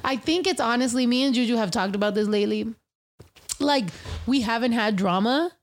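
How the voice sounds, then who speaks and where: Female co-host, higher register, animated storyteller with a foul mouth. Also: fairly quick. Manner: animated storyteller, swears freely, acts out quotes. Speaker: podcast co-host. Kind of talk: casual chat.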